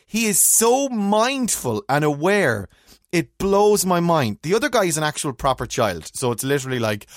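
A man, co-hosting a casual chat and telling rambling, animated stories full of restarts. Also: high-pitched, a little fast, no echo, studio quality. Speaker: podcast co-host.

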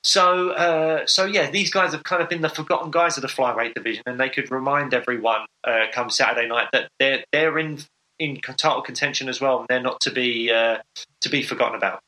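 Casting: male podcast co-host, very bright tone, eager rambling fan chat. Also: medium pitch, fairly quick, poor audio. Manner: enthusiastic, rambling with fillers. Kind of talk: casual sports chat.

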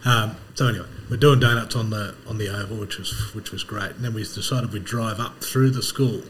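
A man, a podcast host telling a story in casual chat, animated and laughing as he talks. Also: on the low side, fairly quick.

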